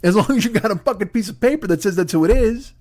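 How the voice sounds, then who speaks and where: A man's voice: high voice, fast talker, no room sound, studio quality. Profane ranting man in his forties. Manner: profane, ranting, animated storytelling. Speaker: comedian podcast host. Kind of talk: casual comedic monologue.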